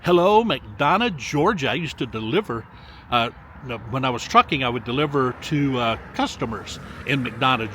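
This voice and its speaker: A middle-aged man hosting a casual vlog outdoors, reading off viewer locations in upbeat, lively shout-outs. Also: fairly high pitch. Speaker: vlogger host. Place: outdoors by a lakefront. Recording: faint outdoor background noise.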